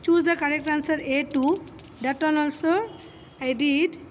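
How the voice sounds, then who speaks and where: A woman teacher, reading a children's poem aloud and then explaining it step by step, often pausing to address the children. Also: high voice, fairly even intonation, a little hiss or hum. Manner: reads slowly, then explains step by step with frequent "okay" and "children". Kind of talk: classroom poem lesson.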